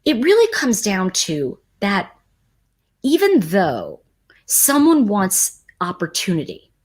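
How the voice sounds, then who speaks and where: Husky woman doing a livestream, talking to chat, pitch jumps all over, kinda rambly. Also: slow. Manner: animated, emphatic, rambling. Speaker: livestream host. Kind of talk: casual talk to a live chat audience.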